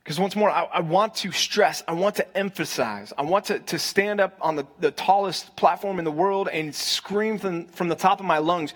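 A young man with a notably high-pitched voice preaches to his congregation in a conversational way. He pauses for replies and repeats his main points for emphasis. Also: fairly bright tone. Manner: conversational, invites the crowd to answer, repeats for stress. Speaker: pastor. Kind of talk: sermon.

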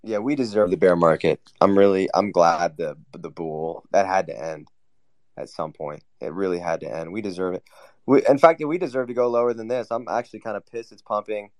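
Dude rambling and cursing, laid back host, dry sound. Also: male voice, low-pitched, a little fast, darkish tone, dry recording. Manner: swears a lot, rambling and loose. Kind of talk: casual group chat.

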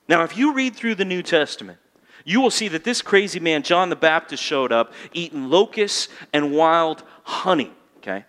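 A man preaching a sermon as pastor, rising to loud emphatic peaks, then dropping to quiet intensity, and calling on the congregation to answer back. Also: fairly high pitch, lively intonation, moderate pace. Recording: long hall reverb.

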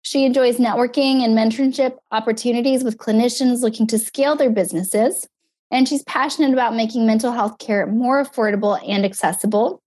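A woman podcast host with a somewhat high voice that is strained because she is losing it. She reads the guest's introduction in a friendly way. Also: fairly even intonation, fairly quick, a little mellow. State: losing her voice. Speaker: co-host, licensed counselor.

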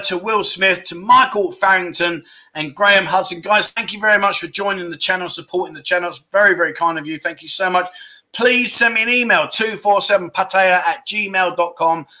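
Bright, chatty male livestream host. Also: on the high side. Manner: chatty, self-interrupting, laughing at his own slips. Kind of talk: casual livestream chat.

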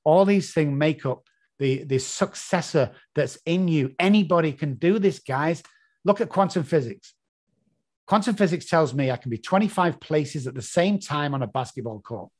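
A man's voice: fairly high pitch, animated, moderate pace. A man with an English accent giving an emphatic motivational talk, repeating key phrases and swearing freely. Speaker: motivational speaker.

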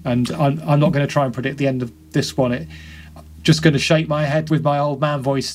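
A man talking casually and quickly as a podcast guest, often repeating words as he thinks. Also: on the high side, little pitch movement, darkish tone. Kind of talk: casual conversation.

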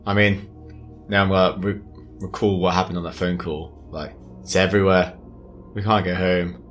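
A man speaking as a player in a tabletop game. He has a very low voice and a low-key, sighing manner. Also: level tone, normal speed, faint music behind.

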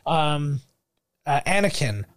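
Co-host, young Canadian man, lively joking commentary, slightly high voice. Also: slow, no echo. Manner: animated, acts out quotes, laughs often. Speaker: podcast co-host. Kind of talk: casual movie commentary chat.

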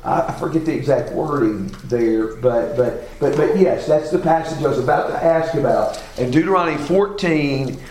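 Male Bible teacher, high animated voice, reads and quizzes, echoey room. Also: normal speed, hardly any pauses. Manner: reads scripture aloud and quizzes the class. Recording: echoey room with faint noise.

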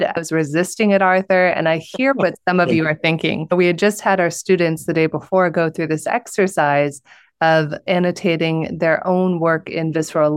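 A woman's voice: sits low, smooth, dry recording, studio quality. A woman hosting a podcast interview, speaking earnestly and turning to address her listeners directly. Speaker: podcast host and speaking course co-teacher.

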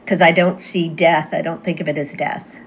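Low-voiced woman telling a personal story. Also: level tone, a little hiss or hum. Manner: earnest, halting with fillers and restarts. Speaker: guest medium. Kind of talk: casual conversation, personal storytelling.

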